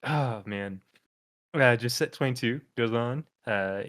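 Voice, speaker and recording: A man's voice: mid-range voice, slow, a bit bright. A male podcast co-host in loose, joking conversation. He reads comments out one by one and keeps breaking into small laughs between them. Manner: reads comments aloud, chuckles often. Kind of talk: casual comedic chat.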